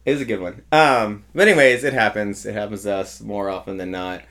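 A man in his thirties, a pastor chatting casually and telling lively stories, acting out the voices of the people in them. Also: lowish voice, brisk. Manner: animated storyteller acting out quoted voices. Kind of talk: casual podcast chat.

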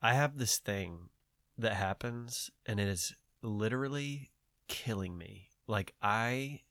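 A podcast host with a nasal, fairly low-pitched voice rambles through a story in casual chat, swearing and animated throughout. The recording is studio quality with no room sound.

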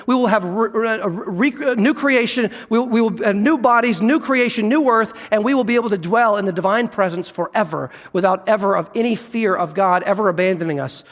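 A man preaching a sermon as pastor, earnest, dropping low and soft to stress a point. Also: fairly quick, few pauses, in a large hall.

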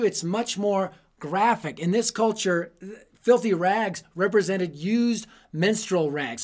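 A man hosting a youth ministry teaching episode, telling stories with animated, dramatic delivery. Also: high voice. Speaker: youth ministry speaker and host. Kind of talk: evangelistic teaching talk with storytelling.

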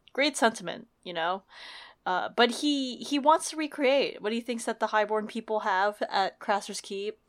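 A woman co-hosting a casual book podcast, giving animated, opinionated rants about the characters. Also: medium pitch. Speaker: podcast co-host. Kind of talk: casual book-club chat.

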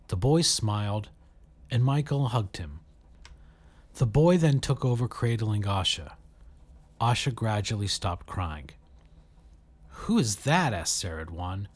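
Male narrator, lively pitch, storybook reading voice. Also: measured pace, pauses often, breathy edge. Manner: animated, raising his voice sharply for shouted dialogue. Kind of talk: audiobook-style story narration.

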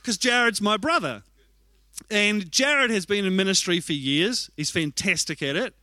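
Bright, animated New pastor. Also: male voice, high voice, moderate pace, dry recording. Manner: animated, self-mocking storytelling; candid and confessional. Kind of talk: sermon with personal storytelling.

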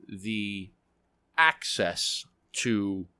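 A man, a podcast guest and actor, telling cigar stories in a relaxed, unhurried way with many restarts. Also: on the low side, clear, resonant tone, no room sound, clean studio sound. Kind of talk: casual storytelling.

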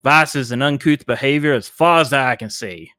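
A man's voice: mid-range voice, moderate pace, sharp tone, no room sound, close to an everyday voice. A man voicing a zealous male preacher in robes, speaking in archaic, pious warnings. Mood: pious greeting.

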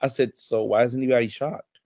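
A man, co-hosting a casual podcast chat and ranting in a profane, animated way. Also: medium pitch, brisk, no echo. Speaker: podcast co-host.

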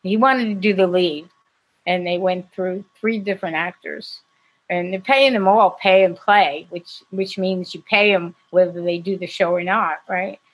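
A woman's voice: fairly low pitch, unhurried, rough recording. Laughing older woman telling stories. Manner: lively storyteller, laughs often. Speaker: actress and guest. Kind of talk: casual interview chat.

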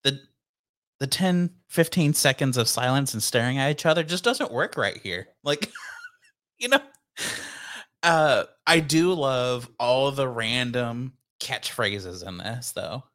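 Young man, bright tone, casual chat, laughs a lot, acts out quoted lines. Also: mid-range voice, expressive, slow. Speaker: podcast co-host.

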